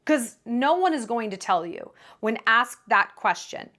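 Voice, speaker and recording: A woman's voice: a little high, animated, unhurried, hardly any pauses, fairly bright tone. A young woman talking to camera with dating advice, emphatic and dramatic, slipping into quoted voices. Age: young adult. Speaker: vlogger giving dating advice. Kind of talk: casual to-camera commentary.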